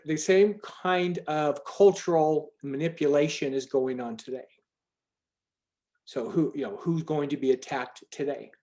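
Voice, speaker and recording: A man's voice: fairly high pitch, darkish tone. Emphatic rambling man on a video call. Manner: rambling, emphatic, frequent restarts. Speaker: call organizer. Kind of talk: casual group video call talk.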